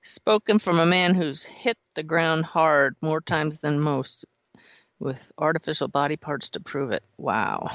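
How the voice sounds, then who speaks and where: A woman hosting a talk show, chatting lively and laughing easily. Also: low voice, a little slow, creaky, no echo. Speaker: host. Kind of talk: casual talk show chat. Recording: dull, muffled sound.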